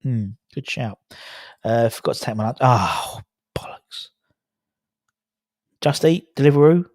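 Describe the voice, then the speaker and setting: A man's voice: medium pitch, fairly quick, dark tone, dry recording, clean studio sound. A man hosting a casual live stream, rambling and chatting as he reads out viewer comments.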